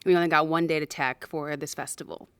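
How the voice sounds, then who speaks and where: A young actress and producer tells a chatty story about mishaps during a show's production. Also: female voice, sits low, fairly even intonation, fast, a bit bright, clean tone, no echo. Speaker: actor and producer. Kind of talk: casual anecdote to camera.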